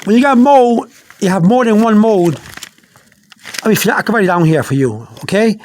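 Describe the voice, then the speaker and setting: A man with a high, darkish voice gives a casual language lesson, explaining slowly and haltingly with lively intonation. He repeats words, spells letters out one at a time, and fills gaps with lots of uh and um. There's slight background noise.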